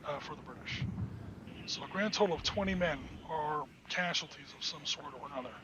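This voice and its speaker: A man with a brisk voice on the high side hosts a podcast, narrating his own solo tabletop wargame and cheering on his dice rolls as he plays. He's excitable and talks to himself throughout. The sound is dull and lo-fi, with clear background noise.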